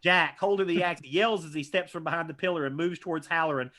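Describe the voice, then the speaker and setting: A man reading stage directions aloud at a live script reading, animated and tossing in asides. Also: a little high, quick pace. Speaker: script reader.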